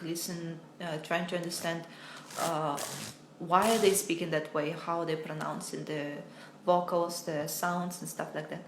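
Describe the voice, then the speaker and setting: A woman, an English teacher talking in a live online Q&A lesson and pausing often on filler sounds. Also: lowish voice, slight background noise. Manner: hesitant, many filler sounds, reads viewer comments aloud. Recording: roomy echo.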